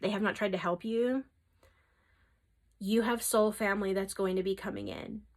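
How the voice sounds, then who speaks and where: A woman giving a spiritual tarot reading in a medium-pitched voice. She is reassuring and keeps checking in with her listener. Her affirmations come with emphasis and now and then sink to a soft whisper. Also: steady tone, normal speed. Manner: reassuring, often checks in with "okay?". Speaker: tarot reader.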